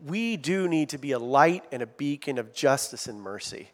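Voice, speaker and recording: A middle-aged man preaching a sermon in a lively, conversational way, with asides to his congregation. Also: mid-range voice, normal speed. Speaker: pastor.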